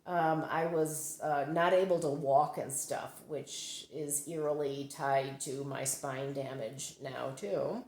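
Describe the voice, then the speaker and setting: A woman's voice: low voice, steady tone, slow, hardly any pauses, darkish tone, roomy sound, a little hiss or hum. A woman telling personal stories in a meandering way, full of fillers and self-corrections, recording on a phone she holds. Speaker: psychic medium vlogger. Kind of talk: rambling personal storytelling. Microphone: holding her phone.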